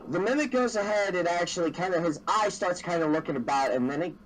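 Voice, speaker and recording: A man's voice: sits high, fast, a little hiss or hum, low-quality recording. A man running a tabletop game as game master, narrating casually with a lot of restarts. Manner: casual, rambling, laughs often.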